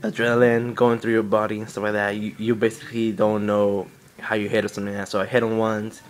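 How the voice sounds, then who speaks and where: A man's voice: fairly low pitch, little pitch movement, fast talker. Rambling young guy telling a story. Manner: rambling, lots of fillers and swearing. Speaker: vlogger. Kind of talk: casual storytelling.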